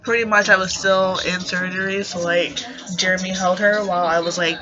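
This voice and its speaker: A woman's voice: fairly low pitch, level tone, moderate pace, music in the background. A young woman telling a personal story as a casual vlog, rambling and filling nearly every phrase with "like", recorded at home on a camera mic at a distance. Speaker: vlogger. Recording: dull, echoey, far from a cheap camera mic. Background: loud TV audio playing.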